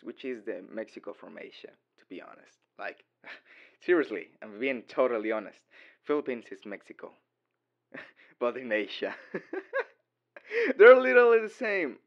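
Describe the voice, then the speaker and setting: A young man rambles through a casual voicemail role-play, giggling at his own jokes as a dorky boyfriend. His unhurried delivery swings widely in pitch. The recording sounds dull and lo-fi.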